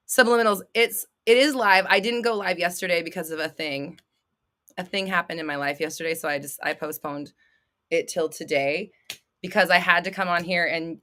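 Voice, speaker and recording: A woman's voice: fairly low pitch, bright, forceful tone. A woman in her thirties hosting a livestream, answering viewers' questions with blunt, swearing, dramatic outbursts and laughter. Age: 30s. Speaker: host.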